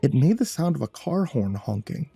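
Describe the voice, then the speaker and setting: A man's voice: medium pitch, big pitch swings, moderate pace, vocal fry, warm tone, slightly rough, dry recording, soft background music. A man narrating a first-person horror story in a tense, breathless way, stumbling over words now and then.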